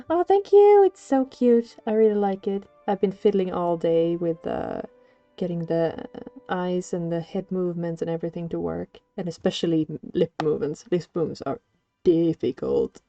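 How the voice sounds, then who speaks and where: A woman's voice: steady tone, moderate pace, faint music behind. A woman livestreaming a game, chatting playfully with viewers and gushing over cute things, on slightly dull lo-fi stream audio. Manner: playful, gushing, switches into squeaky cute voices. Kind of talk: casual gaming livestream chat.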